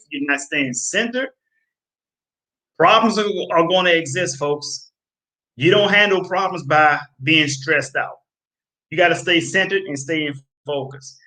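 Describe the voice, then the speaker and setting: Man, health video host, preachy lecture, high-ish voice, repetitive, emphatic. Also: pushed and bright, rough recording. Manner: emphatic, repeats phrases, addresses viewers as folks. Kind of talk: preachy direct-to-camera talk.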